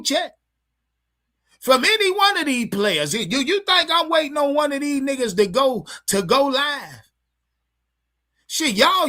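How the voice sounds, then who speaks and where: In a very high, pushed, bright voice, a man rants to his livestream chat about his football team. The sports fan streamer is heated and profane, repeating himself as he goes.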